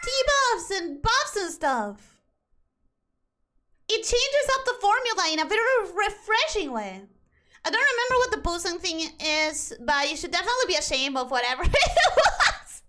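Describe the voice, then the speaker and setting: A woman's voice: extremely high pitch, sing-song, measured pace, pauses often, over music. A young woman whose first language is Spanish, chatting casually and animatedly while streaming a game, rambling as she talks. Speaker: VTuber streamer.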